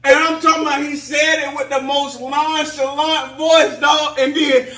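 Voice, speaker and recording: A man co-hosting a casual podcast with a Southern US accent, telling an animated story. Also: very high-pitched, unhurried. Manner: animated storyteller, lively quoting. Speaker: podcast co-host. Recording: roomy, mic a bit far off.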